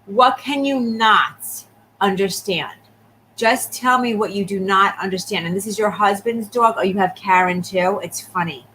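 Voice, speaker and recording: Fast-talking bright-voiced woman medium. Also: mid-range voice, slight background noise, rough recording. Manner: rapid, repeatedly checking in with the sitter. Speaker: psychic medium. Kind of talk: live reading for viewers.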